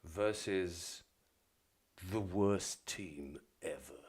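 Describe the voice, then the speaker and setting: A man putting on a formal sports announcer voice to read out football fixtures slowly. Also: a little mellow, breathy edge, heavily acted. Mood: formal announcing. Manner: slow, deep, measured announcing.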